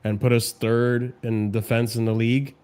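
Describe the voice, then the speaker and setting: A man hosting a casual reaction stream, mocking and profane, swinging between low mutters and loud outbursts into a desk microphone. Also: flat delivery, moderate pace, clear, resonant tone. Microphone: desk microphone, clipping when loud.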